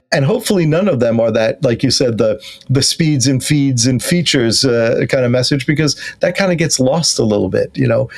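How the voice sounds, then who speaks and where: Gravelly male podcast host. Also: mid-range voice. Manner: animated, many fillers and restarts. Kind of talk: conversational interview.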